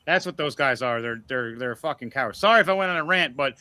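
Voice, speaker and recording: A man's voice: mid-range voice, animated, quick pace, pushed and bright, no echo. A man ranting furiously on a livestream podcast, profane and threatening. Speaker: podcast co-host.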